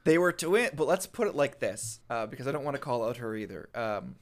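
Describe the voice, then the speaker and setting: A man's voice: mid-range voice, brisk. A young man in casual chat, telling funny stories with lots of laughter and acted-out quotes. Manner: animated, laughing, acts out quotes.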